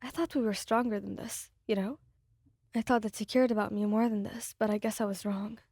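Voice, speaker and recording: A woman's voice: medium pitch, fairly even intonation, fairly quick, a little mellow, no echo, clean studio sound, lightly acted. Woman playing the hurt listener in a breakup ASMR story; trembling, defiant. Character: heartbroken young adult listener, trembling.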